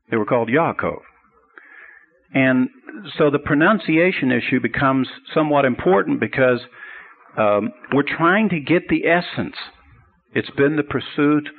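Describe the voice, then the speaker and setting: Gravelly male Bible teacher on tinny radio. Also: mid-range voice. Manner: earnest, explanatory, builds up to a told joke. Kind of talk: teaching sermon.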